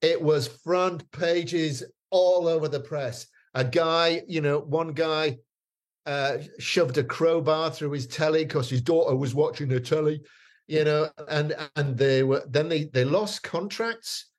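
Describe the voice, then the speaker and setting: A man's voice: fairly high pitch, unhurried. A man, telling stories as a guest in a casual chat, rambling with many fillers and restarts. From northeast England.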